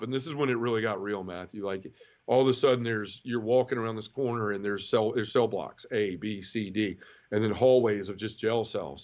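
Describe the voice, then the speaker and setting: A man's voice: on the low side, muffled recording. A man telling his own conversion story in an interview, earnest and vivid, often restarting and repeating words. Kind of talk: emotional personal storytelling.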